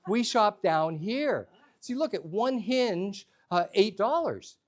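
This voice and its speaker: Quirky hardware store guy, male, played by a man, pitched fairly high and talking with slow, confident salesmanship. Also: lively intonation. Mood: assured.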